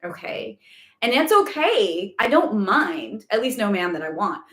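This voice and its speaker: A woman's voice: medium pitch, big pitch swings, normal speed, a bit bright. A woman hosting a casual live spiritual Q&A, chatty and rambling with lots of fillers. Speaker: spiritual guidance host. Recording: echoey room.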